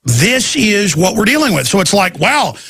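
A man's voice: high voice, very animated, moderate pace, a bit bright, husky, no echo, clean studio sound. A man hosting a talk show, rambling through a casual monologue with restarts and acted-out quotes.

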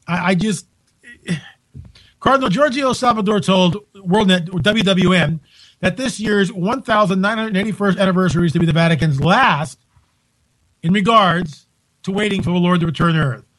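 A man hosting a call-in radio show, talking in an incredulous, exclaiming way with quick asides, from home. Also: high-pitched, a bit bright, no echo, low-quality recording. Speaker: radio talk show host.

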